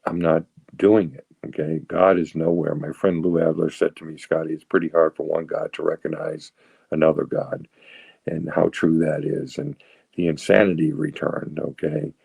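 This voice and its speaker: A man in his sixties from the Boston area, telling his recovery story in a halting way, restarting and repeating words, with wry humor. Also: rumbling low, expressive, vocal fry, darkish tone, husky, no room sound, low-quality recording. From Boston area, USA. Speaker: guest sharing recovery story. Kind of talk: personal testimony.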